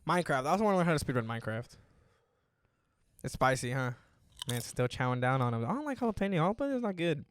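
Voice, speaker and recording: A man's voice: medium pitch, sing-song, fast, long pauses, slight background noise. A young man co-hosting a casual podcast, teasing his friend, swearing freely and leaning on filler words. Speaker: podcast co-host. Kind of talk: casual chat.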